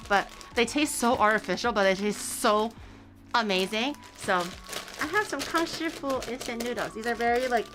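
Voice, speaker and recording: A woman's voice: fairly high pitch, sharp tone. A young woman streaming, rambling casually about her day with swearing and laughs. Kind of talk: casual chat.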